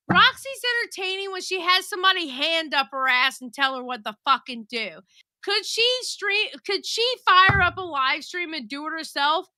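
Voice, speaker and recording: A woman's voice: very high voice, normal speed, no echo, studio quality. A woman hosting a livestream, chatting casually with blunt, profane rants. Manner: blunt, profane, animated ranting. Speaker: stream host. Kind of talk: casual stream chat.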